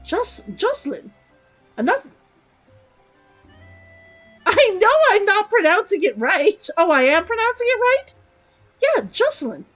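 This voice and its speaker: High, lively woman streamer chatting. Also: unhurried, long pauses, soft background music. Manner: chatty, giggly, answering chat. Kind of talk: casual live-stream chat.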